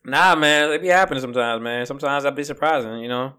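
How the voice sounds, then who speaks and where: A young man in relaxed, foul-mouthed podcast chat, riffing and laughing with his co-host. His voice sits at a middle pitch and his delivery is loose and offhand. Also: fast talker. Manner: loose, profane, laughing banter. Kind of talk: casual chat.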